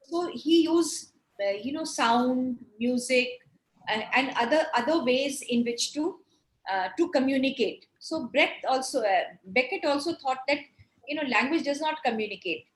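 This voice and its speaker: A woman lecturer talks through ideas with frequent restarts and fillers. Her voice sits high, and the room adds a clear echo. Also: normal speed. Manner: explanatory, many fillers and restarts. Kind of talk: online lecture with Q&A.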